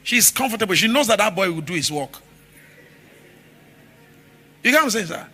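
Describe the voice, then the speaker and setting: Pastor, high voice, bright, animated sermon storytelling. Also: male voice, moderate pace, breathy edge. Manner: animated storytelling, shifting from shouts to murmurs.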